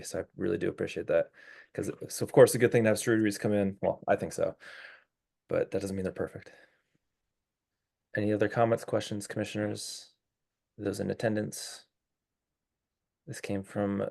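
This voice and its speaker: Hoarse man chairing a meeting, gravelly. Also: lowish voice, darkish tone. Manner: casual, clarifying, procedural. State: losing his voice. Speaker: meeting chair of a neighborhood commission.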